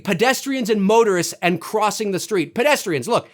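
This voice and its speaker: A Canadian man with a higher-than-usual voice rants casually to his viewers, exasperated and animated. He swears now and then and keeps circling back with "you know" and "right?". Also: normal speed. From Canada, Toronto. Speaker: vlogger. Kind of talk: casual rant to camera.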